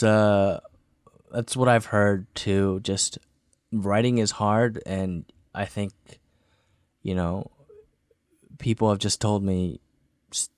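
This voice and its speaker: A man's voice: fairly low pitch, a little mellow, no room sound, clean studio sound. A man chatting as a podcast guest, laid-back and full of "you know" fillers. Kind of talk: casual podcast chat.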